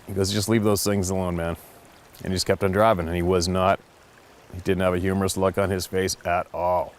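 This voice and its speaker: Blunt low-voiced man telling a story. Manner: blunt, profane, animated retelling. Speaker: storyteller host. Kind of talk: casual spoken storytelling.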